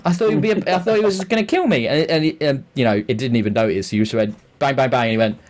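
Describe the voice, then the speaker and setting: A man's voice: medium pitch, fast. A man co-hosting a podcast, talking through a game in a loose, rambling way with frequent chuckles. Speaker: podcast co-host. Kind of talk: casual chat.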